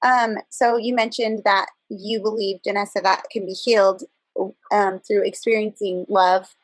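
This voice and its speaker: A woman's voice: mid-range voice, fairly even intonation, unhurried, dry recording, rough recording. A woman in a book club discussion, speaking in an earnest, reflective way. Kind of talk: casual group discussion.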